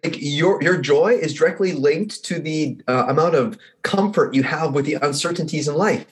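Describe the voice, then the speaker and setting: A man who works as a results coach, a guest on a podcast, telling stories in a lively way and acting out the people in them. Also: a little high, normal speed. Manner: animated storyteller who acts out the people in his stories. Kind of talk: casual conversation with storytelling.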